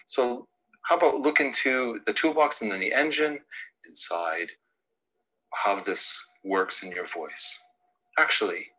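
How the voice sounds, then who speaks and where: Man, bright husky voice, teacherly lecturer who demonstrates with his own pitch and pace. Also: rough recording. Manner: teacherly, swings pitch and pace to show points. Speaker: speaker giving a talk on the voice. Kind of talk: instructive lecture with vocal demonstrations.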